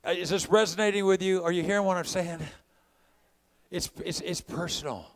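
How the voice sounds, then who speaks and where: A man's voice: high voice, brisk. A man from California preaching a sermon, mixing conversational storytelling with impassioned calls to his congregation. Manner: preaching with rising bursts of volume.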